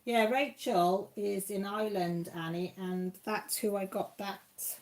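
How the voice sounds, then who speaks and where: A chatty woman talks casually through a crafting live stream at home. Her voice sits at an ordinary middle pitch as she rambles from one thing to the next and calls out to viewers by name. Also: fairly even intonation, takes it slowly, a little mellow.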